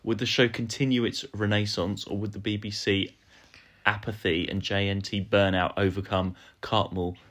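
A man's voice: lowish voice, level tone, normal speed, a bit bright. A man co-hosting a podcast, reading listener questions and chatting in a dry, understated way. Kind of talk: casual podcast chat.

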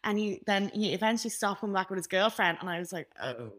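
A young woman co-hosting a podcast, telling a story in casual chat and acting out the voices of the people in it. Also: fast talker. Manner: animated, acts out quoted voices with big pitch jumps. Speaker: podcast co-host.

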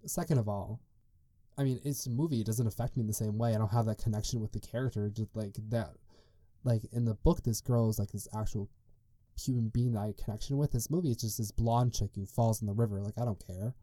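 Fast-talking and steady, the young man has a lowish, warm voice as he hosts a casual solo podcast. He rambles through stories with lots of "like" and tangents, recorded dry at studio quality.

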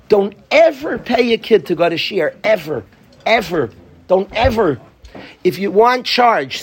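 A man's voice: high-pitched, a little hiss or hum. A man teaching a Torah class to students, pleading and passionate, joking with them at times.

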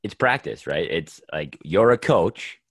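A male podcast host with a very deep voice who talks enthusiastically and loosely, filling his questions with "like" and "you know". The sound is dry and close. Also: sing-song, unhurried, creaky, a bit bright, slightly rough, dry recording. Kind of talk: casual podcast conversation.

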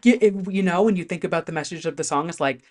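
A host chatting casually to camera about pop music, talking in an animated way with lots of fillers and some swearing. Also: mid-range voice, quick pace.

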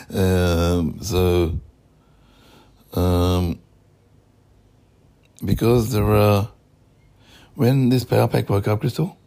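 A man in a profane, rambling monologue that jumps between topics and swings between loud outbursts and low mutters. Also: fairly even intonation, very slow, vocal fry, long pauses.

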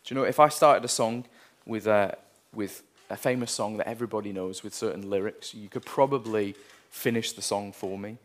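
A man's voice: lowish voice, a little fast. Guy preaching a sermon, earnest, gets intense reading scripture.

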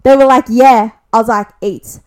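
A woman's voice: fairly high pitch, normal speed, smooth. A young woman with an Australian accent telling a gossip story on a podcast, swearing constantly and acting out what everyone said. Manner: animated, swears constantly, acts out quotes. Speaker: podcast co-host.

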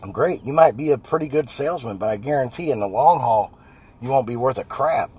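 A man's voice: medium pitch, expressive, fairly quick, darkish tone, slight background noise. A man, a house painter giving a blunt, folksy motivational talk about sales. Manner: blunt, folksy, repeats "right?" and "I guarantee". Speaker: house painter and business owner.

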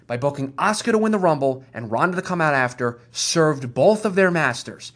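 A man co-hosting a podcast, talking fast and emphatically in casual chat and building to a rant. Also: a little high, expressive, a bit bright. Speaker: podcast co-host. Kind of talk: casual wrestling talk.

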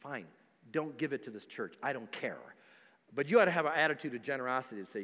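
A pastor preaching a sermon, emphatic and repetitive, dropping to quiet stretches between louder ones. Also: male voice, medium pitch, lively intonation, quick pace, long reverb tail. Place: church sanctuary.

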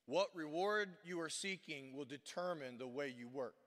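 A man preaching a sermon as pastor, emphatic and preacherly, swinging from loud rhetorical questions to hushed, earnest passages. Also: a little high, lively intonation, normal speed. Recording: long reverb of a church hall.

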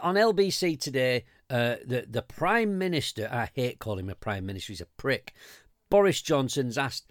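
A man's voice: mid-range voice, normal speed, no echo. Ranting English man, dry close sound. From England. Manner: animated, swearing, frequent restarts and mocking quoted voices. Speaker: podcast co-host. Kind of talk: ranting casual chat.

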